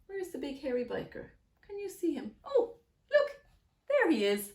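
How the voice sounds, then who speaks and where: Brief: woman author reading aloud to kids, very expressive pitch. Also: normal speed, roomy sound. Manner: animated, addresses children directly. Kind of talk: picture-book read-aloud for children.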